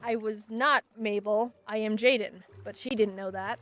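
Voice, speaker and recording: A woman telling funny childhood stories with deadpan, sarcastic asides. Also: medium pitch, normal speed, rough recording. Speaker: storyteller. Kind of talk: storytime over gameplay video.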